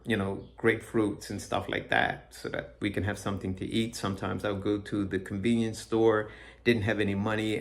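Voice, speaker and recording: Man, middle-aged, gravelly, flat delivery, earnest testimony, halting speech. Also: lowish voice. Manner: earnest, halting, many restarts and fillers; reads scripture aloud. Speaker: Christian speaker giving his testimony. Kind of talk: personal testimony, reflective talk.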